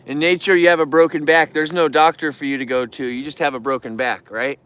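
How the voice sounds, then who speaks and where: A man talking straight to camera in a rambling, heartfelt way, his voice smooth and resonant. He sits a little higher than most men and gets worked up and bitter easily. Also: steady tone, fairly quick, fairly bright tone. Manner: emotional, rambling, earnest. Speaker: vlogger who keeps bears. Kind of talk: casual talk to camera.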